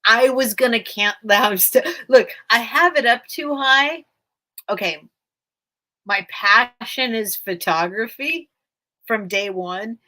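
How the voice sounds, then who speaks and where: A woman's voice: fairly high pitch, takes it slowly, bright, forceful tone. A woman hosting a casual live-stream sale from home, chatty and rambling, often thanking her viewers.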